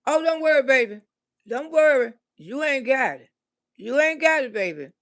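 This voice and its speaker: A woman voicing a pleading, sheepish adult boyfriend who talks softly and keeps begging "baby" in a comic story. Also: sits high, lively intonation, normal speed. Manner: soft, begging, repeats "baby".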